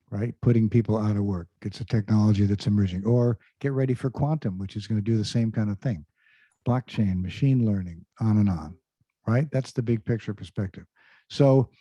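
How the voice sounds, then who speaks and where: A man's voice: mid-range voice, mellow, dry recording. A man giving an online presentation in a conversational tone, full of fillers, quizzing his audience over a video call. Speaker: career speaker. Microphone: computer mic on a video call. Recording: dull lo-fi video call audio.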